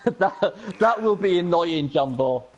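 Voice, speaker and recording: A man commentating a video game match casually, excitable and laughing often, with many restarts and repeats. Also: sits high, measured pace, lo-fi sound.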